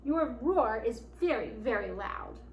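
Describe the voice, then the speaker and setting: A woman voicing a small, frightened bat pleading for quiet. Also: a little high, very animated, measured pace, gravelly, slight background noise, full character voice. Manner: pleading, scared. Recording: echoey room.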